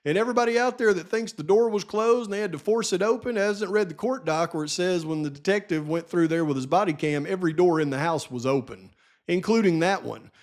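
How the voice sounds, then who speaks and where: Host, man, high-pitched, exasperated and sarcastic, true crime commentary monologue. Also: brisk. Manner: sarcastic, rhetorical questions, exasperated. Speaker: channel host.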